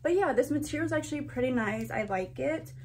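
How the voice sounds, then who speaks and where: A woman's voice: high voice, animated, quick pace, darkish tone, slight background noise. A young woman vlogger chatting casually to camera during a try-on haul, gushing and talking in a loose, chatty way. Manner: chatty and gushing, says freaking and oh my gosh a lot.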